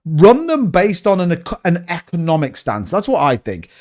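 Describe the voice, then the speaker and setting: His voice is high and mellow-ish, swooping wildly in pitch at a normal speed. He's a Yorkshire man hosting a crypto livestream, casually reading viewer comments, answering bluntly, repeating himself, and calling everyone mate.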